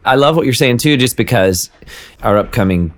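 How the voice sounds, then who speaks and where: A man's voice: mid-range voice, lively intonation, normal speed. A man hosting a casual conversation, affirming often and asking open questions. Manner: affirming, many mm-hmms. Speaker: host.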